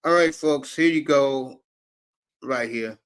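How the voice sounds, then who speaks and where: A man's voice: medium pitch, slow pace, fairly bright tone, clear, resonant tone. A man hosting a live sports talk stream, brash and profane, calling out chat viewers by name. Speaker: sports talk show host.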